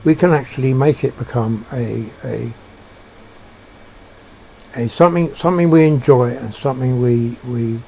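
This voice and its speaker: A man giving a reflective monologue, halting and searching for words with frequent restarts. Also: mid-range voice, gravelly, dark tone, a little hiss or hum. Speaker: speaker sharing personal beliefs.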